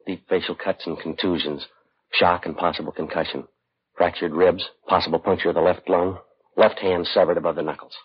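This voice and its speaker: An actor playing a terse, steady police detective with a clipped, matter-of-fact delivery in an old radio drama. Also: male voice, low voice, a little fast, breathy edge. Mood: flat. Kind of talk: 1950s radio drama acting. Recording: dull old radio broadcast.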